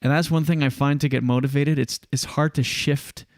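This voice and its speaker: A man's voice: mid-range voice, steady tone, normal speed, dry recording. A man hosting a live podcast from a windowless studio room, talking in a rambling, chatty way and often correcting himself. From Canada. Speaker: podcast host. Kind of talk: casual live podcast chat.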